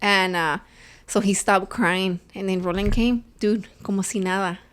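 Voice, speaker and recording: A young woman co-hosting a podcast in casual chat, telling animated family stories and switching between English and Spanish. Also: medium pitch, moderate pace, clear, resonant tone. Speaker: podcast co-host.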